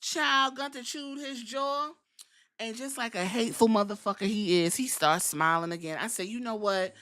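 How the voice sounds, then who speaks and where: A woman hosting a podcast, recapping a wrestling show in animated, profane, storytelling chat. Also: fairly high pitch, moderate pace. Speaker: podcast host.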